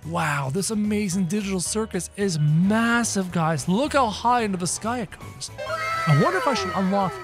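Excitable high-voiced gaming guy. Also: normal speed, over music. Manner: excitable, talks straight to viewers. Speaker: gaming YouTuber. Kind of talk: casual gameplay commentary.

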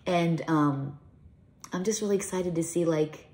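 Her voice on the low side and unhurried, a middle-aged woman vlogger and mom chats to camera in a meandering, emotional way, recorded in an echoey room where soft music plays.

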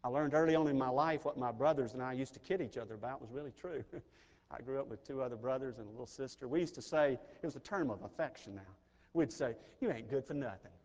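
A middle-aged pastor from Mississippi, preaching an earnest, personal sermon that swells in intensity. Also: male voice, medium pitch, quick pace, darkish tone. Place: large chapel. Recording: chapel recording with long reverb.

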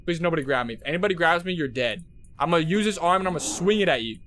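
A young male gaming streamer with a fairly high voice that leaps all over the place, swinging from hushed nerves to loud yelling. He swears freely and talks straight to his chat, with a faint hiss under the headset mic. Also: lively intonation, rapid-fire. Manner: jumpy, swears a lot, shouts at chat. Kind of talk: live horror game commentary.

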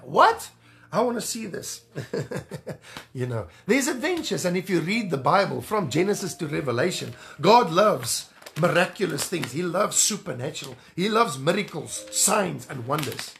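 A man preaching a sermon as an evangelist, fervent and animated, repeating phrases for emphasis. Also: sits high, measured pace, creaky, soft background music.

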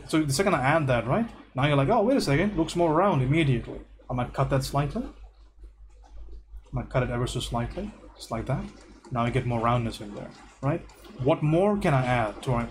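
A man's voice: mid-range voice, slight background noise. A man giving a casual, joking live painting lesson, often checking in with "right?". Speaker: art instructor.

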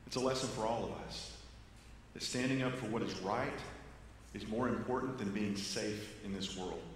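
A man's voice: moderate pace, a little hiss or hum. Preaching man in an echoey sanctuary. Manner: earnest preaching, swinging between loud emphasis and quiet low phrases. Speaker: pastor. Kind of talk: sermon. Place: church sanctuary. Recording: echoey church hall with long reverb.

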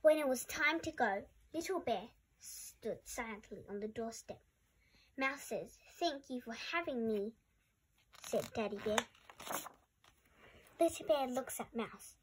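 A woman reading a children's picture book aloud in a clear, deliberate way. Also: a little high, slight background noise. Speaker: storybook reader.

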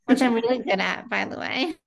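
A woman's voice: a little high, gravelly. A woman in her thirties, a guest in a casual interview, telling her own story in a chatty way with frequent fillers.

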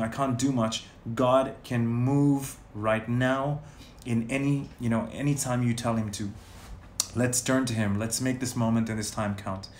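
A man leading a sermon and guided prayer, speaking in emphatic, repetitive phrases. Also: medium pitch. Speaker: prayer leader. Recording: roomy echo, faint noise.

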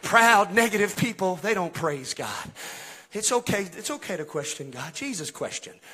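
A man's voice: high voice, big pitch swings, moderate pace, bright, forceful tone, some chatter behind, a little hiss or hum. A male pastor, preaching in a church in a folksy way and calling out to his congregation. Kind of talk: Pentecostal-style preaching to a congregation. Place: church sanctuary.

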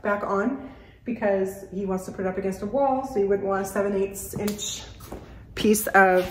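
A woman repairing furniture in her workshop, thinking aloud in a practical way as she works and a little out of breath. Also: mid-range voice. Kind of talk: casual workshop commentary. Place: woodworking shop. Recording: echoey shop with loud background noise.

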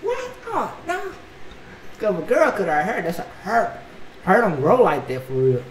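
A man hosting a reaction video, telling a story in a casual, animated, slangy way and saying bro a lot. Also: high-pitched, fairly quick. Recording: echoey room, mic at a distance, faint noise.

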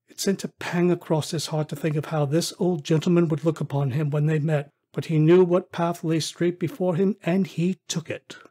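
A male audiobook narrator telling a classic story with lively expression. His voice sits slightly high and has a husky texture.

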